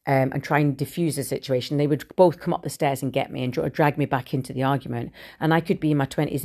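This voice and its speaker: Low-voiced middle-aged woman, frank monologue. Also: darkish tone. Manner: frank and conversational, occasional swearing. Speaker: podcaster. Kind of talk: candid personal monologue.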